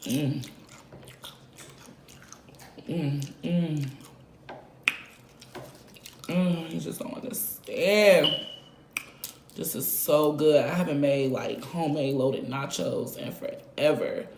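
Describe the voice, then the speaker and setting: A woman vlogging a mukbang, chatting casually between bites and humming contentedly as she eats. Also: low-pitched. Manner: slow, relaxed talk between bites, lots of contented hums. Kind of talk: casual eating vlog. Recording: echoey room, faint background noise.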